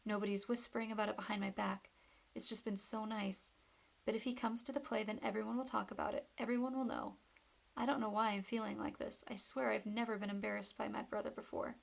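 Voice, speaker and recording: A woman's voice: mid-range voice, flat delivery, fairly quick, gravelly. A woman voicing an upset teenage girl in a storybook reading, defensive and emotional.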